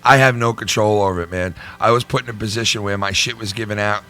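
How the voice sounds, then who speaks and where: A man's voice: on the low side, fairly even intonation, fast, pushed and bright. A middle-aged man hosting his own channel, ranting in a heated, profane way and repeating himself. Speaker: YouTube channel host. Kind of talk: vlog rant to viewers.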